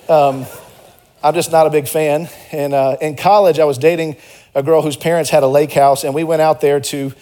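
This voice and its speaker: A young pastor preaches a sermon in a church sanctuary, his voice on the high side and a little mellow. He speaks conversationally and earnestly, weaving personal stories in with emphatic exhortations.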